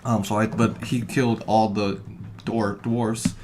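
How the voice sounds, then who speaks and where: A man co-hosting a podcast in casual chat, rambling and swearing, getting loud when he retells what people said. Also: lowish voice, little pitch movement, measured pace, background noise. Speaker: podcast co-host.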